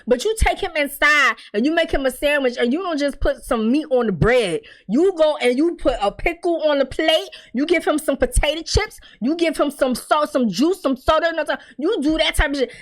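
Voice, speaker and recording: A young adult woman giving a casual, profane TV recap, bluntly acting out the characters' lines as she tells the story. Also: high voice. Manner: blunt, profane, animated storytelling with quoted dialogue. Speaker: TV recap host.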